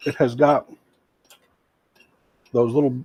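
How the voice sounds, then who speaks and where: Joking man with a husky voice. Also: mid-range voice, little pitch movement, takes it slowly, warm tone, dry recording, low-quality recording. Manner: joking, teasing banter. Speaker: co-host. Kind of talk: casual live cooking chat.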